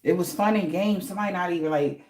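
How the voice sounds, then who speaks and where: A woman's voice: on the low side, fast, a little mellow, a little hiss or hum. Woman reader, casual spiritual reading, blunt and profane, slangy, in a roomy echoing space. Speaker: tarot reader.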